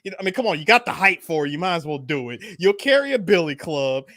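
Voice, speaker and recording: A man's voice: fairly high pitch, big pitch swings, quick pace, a bit bright, no echo, clean studio sound. A man co-hosting a live podcast, teasing a friend in a playful way. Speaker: podcast co-host. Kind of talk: live podcast chat about a film.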